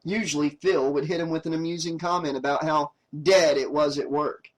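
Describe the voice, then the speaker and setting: A man reading a horror novel aloud as an audiobook narrator, steady and plain. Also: on the high side, brisk, poor audio.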